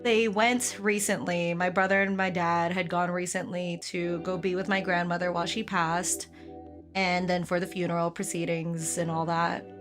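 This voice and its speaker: Chatty hoarse young woman streamer. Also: fairly low pitch, moderate pace, faint music behind. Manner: animated storytelling, laughs often, swears casually. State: hoarse from karaoke. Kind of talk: casual chat to a live stream.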